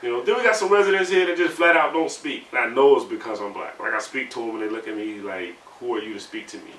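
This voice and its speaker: Man in his 30s, candid storytelling, bright voice, echoey room, off-mic, faint hum. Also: mid-range voice, fast talker. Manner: conversational, heated when recounting, many "you know" fillers. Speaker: navy sailor interviewee. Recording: roomy sound, mic at a distance, faint background hum.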